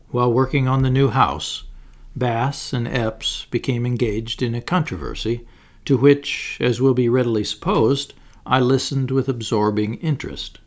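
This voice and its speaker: A man reading a book aloud in measured, formal narration. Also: mid-range voice. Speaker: audiobook reader. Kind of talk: scripted narration.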